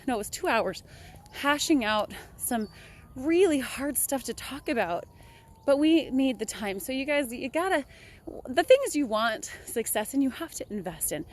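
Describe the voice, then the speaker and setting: Chatty upbeat young woman vlogging. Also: sits high. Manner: chatty, upbeat, laughs often. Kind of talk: casual motivational vlog.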